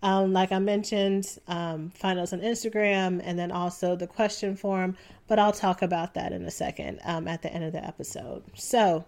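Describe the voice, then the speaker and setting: A young adult woman hosting a solo podcast, talking casually and relaxed, with frequent ums. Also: on the low side, moderate pace. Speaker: podcast host.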